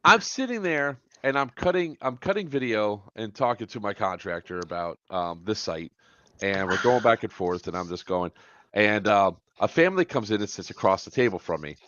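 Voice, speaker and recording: A middle-aged man, a grandfather, hosting a casual podcast and telling an animated travel story, swearing now and then. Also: lowish voice, normal speed, dry recording. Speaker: podcast host and airsoft event organizer. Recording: dry, dull lo-fi podcast audio.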